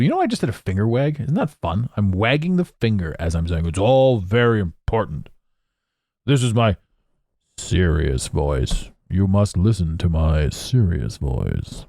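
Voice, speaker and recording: A man's voice: medium pitch, a little mellow, dry recording, studio quality. A man hosting a solo podcast, rambling through tangents with frequent swearing, sarcasm and laughter. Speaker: podcast host.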